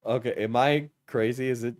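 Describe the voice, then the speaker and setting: A man's voice: mid-range voice, fairly even intonation, moderate pace, darkish tone, no room sound. New York guy riffing on stream, mocking and crude, very dry mic. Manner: crude, mocking, talks over the video. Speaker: streamer reacting to a video. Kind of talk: casual live-stream commentary.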